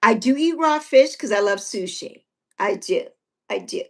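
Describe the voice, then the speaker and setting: Animated and fairly bright, this livestream host in her sixties speaks on the high side at a moderate pace. She chats casually and repetitively, reads viewers' comments aloud and laughs a lot.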